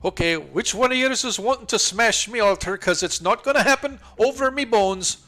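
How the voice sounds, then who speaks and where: A man voicing an excitable, fussy male dwarf archaeologist who guards his dig in shrill, clipped speech. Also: normal speed. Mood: indignant.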